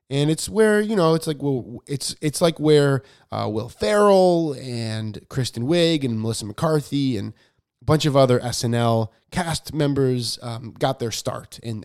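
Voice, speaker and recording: A man's voice: mid-range voice, darkish tone, clear, resonant tone. A man hosting a podcast, telling a story in casual chat, rambling with lots of fillers and poking fun at himself. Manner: rambling, filler-heavy, self-deprecating. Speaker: podcast host.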